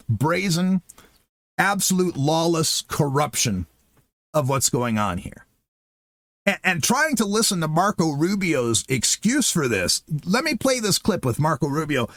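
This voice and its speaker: Animated, sarcastic male political ranter. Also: fairly high pitch, no room sound. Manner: sarcastic, incredulous, animated ranting. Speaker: political commentary show host.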